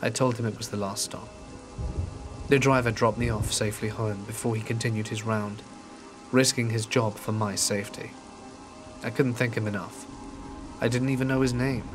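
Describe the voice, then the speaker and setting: Calm man narrating a horror story. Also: mid-range voice, over music. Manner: calm, measured storytelling meant for falling asleep. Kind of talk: scripted narration of a first-person horror story. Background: rain falling.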